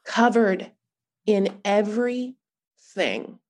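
A young woman hosting a podcast, recapping a reality show in an animated, gossipy chat full of fillers. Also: mid-range voice, very slow. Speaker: podcast host.

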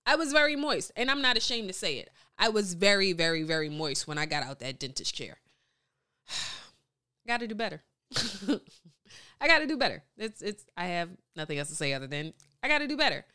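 A woman talks on a podcast in a studio, candid and full of slang, often laughing and playing things up for effect. Her voice is bright and clear, and her pitch swings widely as she tells her stories. She reads out live comments between them. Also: big pitch swings, fairly quick. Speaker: podcast guest. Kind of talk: casual chat reading live comments.

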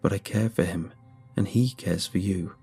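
A man voicing an ancient mold hive that speaks through a dead dog, in a soft, calm, sighing way, for a horror story narration. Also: deep voice, moderate pace, slightly rough, faint music behind. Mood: calm, wistful.

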